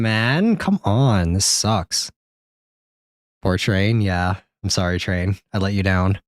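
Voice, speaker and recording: A man streaming a game live, rambling and joking with chat, swearing now and then, with sudden high-pitched exclamations. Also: expressive, slow pace, no echo, clean studio sound. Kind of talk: live gameplay commentary.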